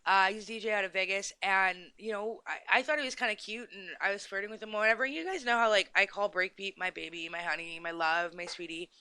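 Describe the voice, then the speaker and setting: A woman's voice: medium pitch, quick pace, hardly any pauses, bright, forceful tone, smooth, no echo. A woman hosting a live internet radio show in a put-on English accent, telling personal stories in a rambling, confiding way. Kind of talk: casual live radio talk.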